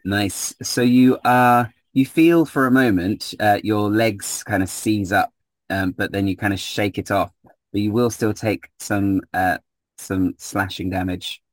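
A man narrating a tabletop game as game master, relaxed and hesitant, filling pauses with ums. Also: fairly low pitch, no echo.

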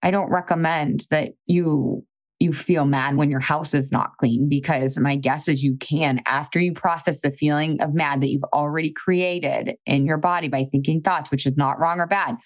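At a normal speed and in a steady, low-pitched voice, a female podcast host gives a listener candid, chatty coaching. Casual curse words and plenty of "like" fill her speech.

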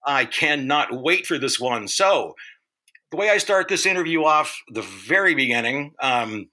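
A man's voice: fairly high pitch, sharp tone. A middle-aged man hosting a podcast in a casual, jokey, self-mocking way, laughing often and swearing freely. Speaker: podcast host. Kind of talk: casual podcast monologue and interview.

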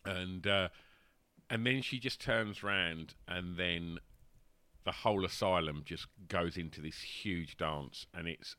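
A man's voice: deep voice, takes it slowly, sharp tone, clear, resonant tone, no echo. A man, co-hosting a film podcast, hesitant and searching for words. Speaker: podcast co-host. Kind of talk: casual chat about films.

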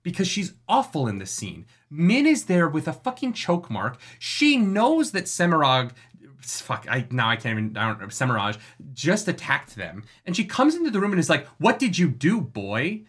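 Animated, bright-voiced ranting podcast co-host. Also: mid-range voice, moderate pace, husky. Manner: impassioned, profane ranting; acts out quoted characters. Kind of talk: casual book discussion chat.

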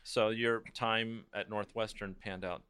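Guy interviewing a friend, kinda low voice, chatty, lots of yeahs and mm-hmms. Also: fairly even intonation, measured pace, fairly bright tone, clear, resonant tone. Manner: chatty, encouraging, frequent backchannels. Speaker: interviewer, host. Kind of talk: casual conversation.

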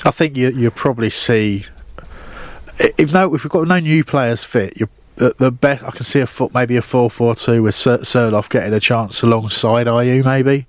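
A man's voice: mid-range voice, moderate pace, dry recording. Podcast co-host, man, talkative football fan, dry close sound. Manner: chatty, restarts, fond of laughing. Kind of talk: casual football chat.

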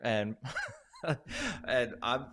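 A man and former pro hockey player telling an animated story in a casual podcast chat, laughing often and swearing freely. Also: medium pitch, very slow.

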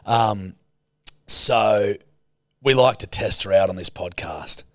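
A man's voice: fairly low pitch, takes it slowly, fairly bright tone, no room sound, studio quality. A laid-back man, hosting a casual podcast and swearing freely. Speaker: podcast host.

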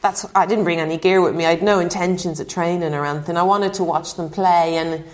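A former goalkeeper from Ireland, guesting on an interview, chats and spins stories full of acted-out dialogue and frequent laughter. She talks fast, with a lowish voice and fairly even intonation.

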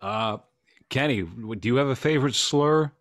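A man co-hosting a podcast in casual banter, with a deadpan, mock-serious, drawn-out way of talking. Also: mid-range voice, dry recording, studio quality. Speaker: podcast co-host.

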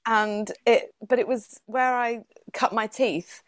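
A woman's voice: a little high, steady tone, slow pace, no echo. A woman in her thirties telling a funny story in a casual chat, laughing often and acting out the people she quotes. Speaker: guest.

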